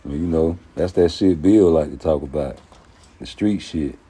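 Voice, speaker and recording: A man's voice: very deep voice, normal speed, slightly rough. A man hosting his own channel, talking in a profane, streetwise casual rant. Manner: profane, streetwise, animated storytelling. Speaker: YouTube commentary host.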